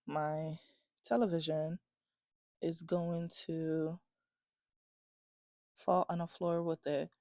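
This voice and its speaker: A woman's voice: low voice, mellow, no room sound, clean studio sound. A young woman chatting casually in a home vlog, rambling, restarting her sentences and giggling often. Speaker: vlogger. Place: home, indoors.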